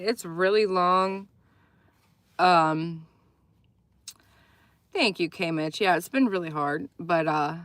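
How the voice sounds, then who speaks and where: A woman's voice: fairly low pitch, bright, forceful tone, no echo. A woman hosting a casual livestream, chatting in a rambling way and laughing often as she reads viewer comments. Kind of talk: casual live chat.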